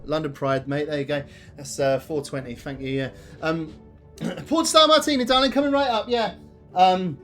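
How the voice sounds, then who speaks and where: A man's voice: fairly high pitch, fairly bright tone, faint music behind. Man doing a brash, busy barmaid. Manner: brisk, calls people love and darling. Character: busy brash middle-aged barmaid, female.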